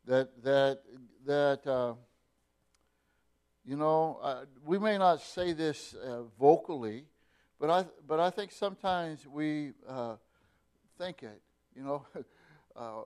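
A middle-aged male pastor preaching a sermon, speaking slowly with many repeated words and fillers. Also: medium pitch, clean tone.

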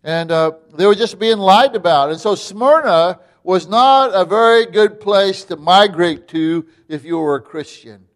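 A man preaching a sermon, reading scripture slowly with rising emphasis and pausing often on fillers. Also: sits high, animated. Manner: frequent filler "uh" and restarts. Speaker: pastor.

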